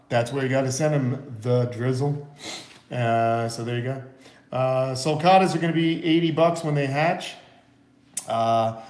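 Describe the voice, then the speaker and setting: A man's voice: mid-range voice, a little mellow. A man with a runny nose chatting loosely on a live vlog about his tortoises and his house, full of "uh" fillers. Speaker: tortoise breeder and vlogger. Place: at home in Florida, indoors and by the front of his house. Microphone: phone camera, partly in selfie mode.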